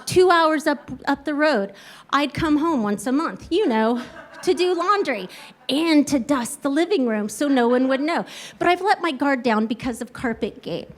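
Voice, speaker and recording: A woman telling a comic true story on stage, acting out the people in it and swinging between loud outbursts and hushed asides. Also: high voice. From Kansas, USA. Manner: animated, acts out quoted voices, swings between loud and hushed.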